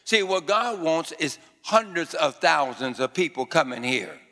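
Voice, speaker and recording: A man's voice: fairly high pitch, a little slow, bright, forceful tone. A male pastor preaching a sermon, repeating phrases and calling on the congregation to answer, with fervent declarations in a raised voice. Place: church sanctuary before a congregation. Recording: long reverb of a large church hall.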